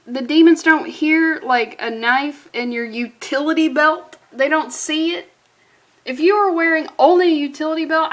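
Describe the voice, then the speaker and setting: A woman with a high-pitched voice reviews a comic book, sounding sarcastic and exasperated. She swears freely and uses valley-girl phrasing.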